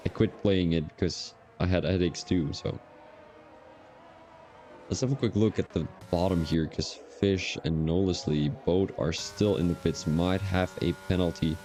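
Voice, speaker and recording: A man's voice: low-pitched, dark tone. A man commentating a sim racing league qualifying session on a live stream, chatty and drifting into rambling personal asides between the lap calls.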